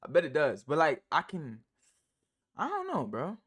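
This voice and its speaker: A man streaming live and reacting to clips in casual chat, slangy and profane, rambling with many fillers and big jumps in pitch and loudness. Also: wildly swooping pitch, moderate pace, husky.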